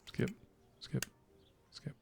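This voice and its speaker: A man's voice: extremely slow, darkish tone. A man streaming a game, giving casual, sarcastic commentary full of jokes and muttered asides. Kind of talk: casual let's-play commentary.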